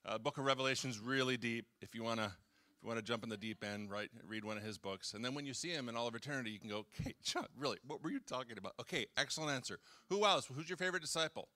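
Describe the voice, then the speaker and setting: This pastor is a fast talker with a sharp, medium-pitched voice, preaching casually in a church hall. His sermon feels like a conversation, with jokes, back-and-forth with the congregation, and acted-out quotes.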